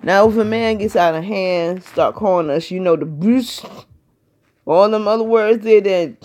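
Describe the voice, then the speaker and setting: A woman's voice: mid-range voice, unhurried, a little mellow. A woman of about fifty talking casually in a vlog, rambling and chatty, often asking "you know what I mean.". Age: 50s. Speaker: vlogger.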